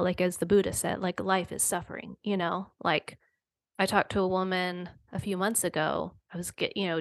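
A middle-aged woman talking as a podcast guest in an earnest, rambling way, circling back through fillers and restarts. Her pitch sits in an ordinary middle range, and the recording is dry and close, with no room sound. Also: no echo. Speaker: guest author. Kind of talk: reflective podcast conversation.

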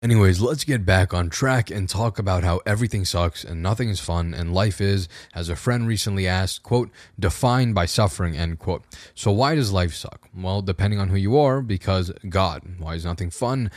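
A young man with a very low, slightly raspy voice hosts his own podcast alone. He rambles in a wry, self-deprecating way, restarting his sentences often. The sound is close and dry, with no room echo. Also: moderate pace, hardly any pauses, a little mellow. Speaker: podcast host. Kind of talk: casual solo podcast monologue. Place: room at home with a camera on a tripod.

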